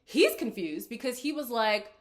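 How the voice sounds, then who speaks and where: A woman hosts a reality TV recap in a voice on the high side, with big pitch swings and a moderate pace. She chats casually and sassily straight to viewers, laughing often in her reaction commentary.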